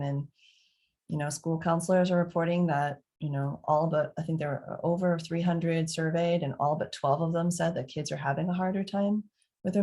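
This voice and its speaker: A low-pitched middle-aged woman coaches parents by answering their questions. Along the way she acts out soothing scenes for illustration, talking with many fillers and restarts.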